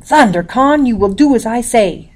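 A woman's voice: a little high, lively intonation, normal speed, pitched above the performer's own voice. A woman voicing a stern, commanding colonial father who roars orders, read from a storybook. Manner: roaring, commanding.

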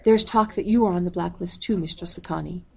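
A woman's voice: fairly low pitch, fairly quick, gravelly. A woman voicing a worried old man who urges and pleads with urgency. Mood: urgent. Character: worried old family friend.

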